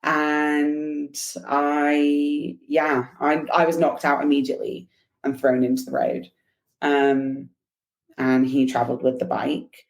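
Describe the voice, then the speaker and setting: A woman guest on a podcast, telling a personal story in an animated, chatty way with laughs and fillers. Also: sits low, takes it slowly. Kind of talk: casual storytelling interview.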